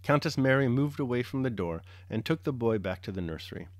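A man reading a classic novel aloud, calm and measured in his narration. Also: medium pitch, no echo, studio quality. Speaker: audiobook reader. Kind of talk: scripted literary narration.

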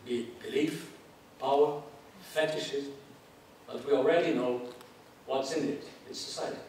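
Male lecturer, mid-range voice, measured academic delivery, heard from a distance in a reverberant hall with faint hiss. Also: mid-range voice, fairly even intonation, a little mellow. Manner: measured, reads quotations aloud with spoken asides. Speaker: anthropology lecturer.

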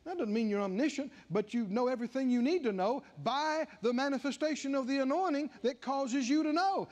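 Man, older, preacher, high-pitched, emphatic sermon delivery, acts out dialogue. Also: lively intonation, a little fast, hardly any pauses, darkish tone.

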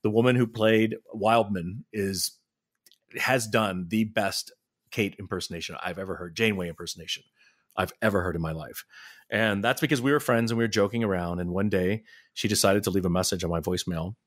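Animated middle-aged man telling stories. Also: fairly low pitch, fairly quick. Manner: animated storyteller, laughs often, restarts sentences. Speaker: podcast guest. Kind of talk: casual interview chat.

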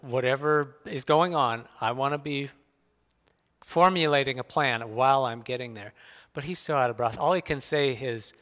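Middle-aged man, church speaker, animated folksy anecdotes; clear bright voice, long hall reverb. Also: mid-range voice. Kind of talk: personal storytelling talk. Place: church sanctuary.

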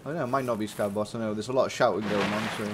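Sweary gamer over gunfire. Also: male voice, lowish voice, racing. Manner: sweary, excitable. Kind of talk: casual gaming chat. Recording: loud gunfire noise. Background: loud game gunfire.

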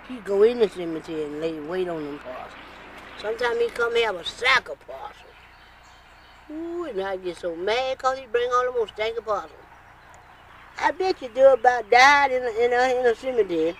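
An older woman, a blues singer, telling earthy stories about her childhood in a relaxed, laughing way. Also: on the high side, a little hiss or hum. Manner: slow, earthy storytelling with hearty laughs. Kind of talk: relaxed storytelling.

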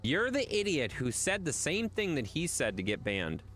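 Male streamer, casual chat to viewers, rambling and teasing, very animated delivery. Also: fairly high pitch, moderate pace, a little hiss or hum. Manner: chatty, teasing, rambling with restarts. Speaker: livestreamer.

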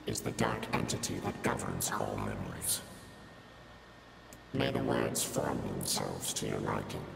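Casting: ancient tree spirit, hugely deep and gravelly, long echoing reverb. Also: huge pitch swings, heavily acted. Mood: ominous. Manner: slow, cryptic, ominous. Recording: reverberant, game music behind.

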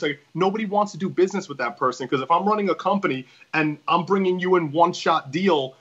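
A man's voice: a little high, brisk, hardly any pauses, a bit bright, breathy edge, dull audio. A man talking as a wrestling promoter guest in a casual podcast chat, rambling and emphatic with many restarts.

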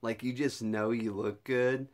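A man's voice: mid-range voice, fairly even intonation, a little slow, darkish tone. A young man vlogging in a casual chat, laughing often and slipping into silly put-on voices.

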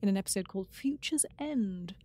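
A woman's voice: medium pitch, expressive, a little fast, warm tone. A woman co-hosting a podcast, chatting casually and rambling a little as she runs through points. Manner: chatty, rambling, repeats words. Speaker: podcast co-host.

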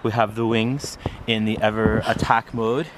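A man's voice: lowish voice, level tone, a little slow, background noise. Jokey man in mock art-critic mode. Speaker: vlog guest. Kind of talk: casual outdoor chat. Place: outdoors in the snow.

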